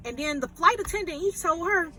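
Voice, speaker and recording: A woman movie reviewer retelling a film plot in an animated, chatty way. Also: very high voice, a little fast. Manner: animated, chatty storytelling with fillers.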